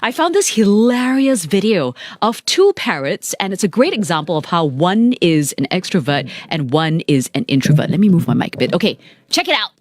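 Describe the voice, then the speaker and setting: A woman's voice: lowish voice, normal speed, no echo. A woman with a Singaporean accent hosting a live radio show from a studio mic, chatting playfully and reading out listener messages. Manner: animated, playful, reads listener messages aloud. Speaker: radio host. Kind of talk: lively live radio chat.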